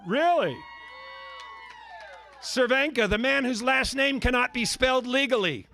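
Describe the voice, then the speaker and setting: A man working as a charity auctioneer, calling bids in lively patter and teasing bidders by name with jokes. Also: very high-pitched.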